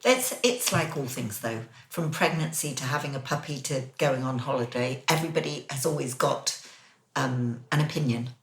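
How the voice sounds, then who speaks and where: A woman co-hosting a podcast in a casual chat, speaking animatedly with big swoops in pitch. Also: normal speed, slight background noise. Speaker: podcast co-host. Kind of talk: casual kitchen-table chat. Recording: roomy echo.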